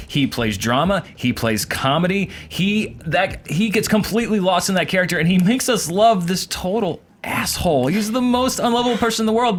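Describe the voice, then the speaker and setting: A man on a film debate panel, pushing his argument in rapid bursts with stumbles and restarts. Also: fairly high pitch, slight background noise. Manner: rapid, stumbles over words when pushing a point. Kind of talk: casual debate.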